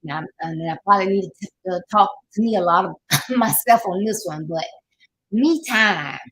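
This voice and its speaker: A woman's voice: lowish voice, normal speed, fairly bright tone, slight background noise, low-quality recording. An older woman with a Southern US accent, hosting a casual motivational talk, folksy and preachy, sometimes laughing as she talks. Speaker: life coach host.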